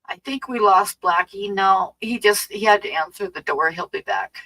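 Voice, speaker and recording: Bright-voiced woman hosting a stream. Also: mid-range voice, low-quality recording. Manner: upbeat, reads chat, quick agreeing replies. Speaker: livestream host. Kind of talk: casual chat.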